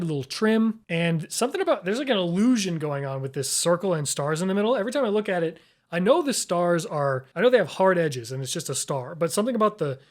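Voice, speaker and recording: Playful man ranking flags out loud. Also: a little high. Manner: playful, exclamatory, chuckles often. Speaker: YouTube host. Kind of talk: casual commentary ranking flags.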